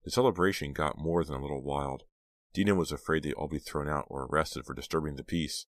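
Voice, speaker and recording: Very deep-voiced male audiobook narrator. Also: fairly even intonation, no echo, studio quality. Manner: measured storytelling. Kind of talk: scripted narration.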